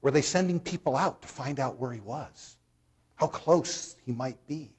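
Delivering a sermon, a pastor tells his congregation a story in plain, conversational language, frequently asking them questions. His husky, slightly breathy voice is mid-range, a little slow, and darkish in tone.

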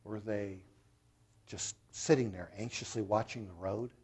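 A man with a husky, slightly breathy voice preaching to his congregation. He tells a story in plain, conversational terms and keeps putting questions to the listeners. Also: on the low side, steady tone, measured pace, darkish tone. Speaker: pastor. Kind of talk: sermon.

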